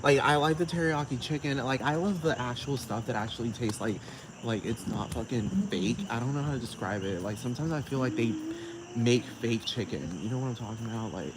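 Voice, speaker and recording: Male solo podcaster, casual profane rambler, mid pitch, echoey outdoor take with clear crickets behind. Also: a little fast, noisy background. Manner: rambling, profane, keeps asking "you know what I'm talking about". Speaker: podcast host.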